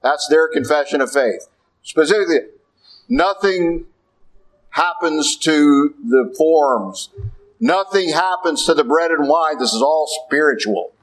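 Slow, emphatic preaching man. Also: on the high side, poor audio. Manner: emphatic, conversational preaching with rhetorical questions. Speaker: Catholic priest. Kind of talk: sermon.

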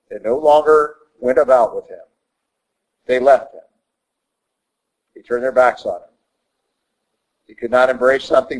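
A man's voice: mid-range voice, a little mellow, low-quality recording. A man giving a Catholic teaching talk in an emphatic, repetitive way, acting out the quotes he cites. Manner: emphatic, repeats points, acts out quotes. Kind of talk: sermon.

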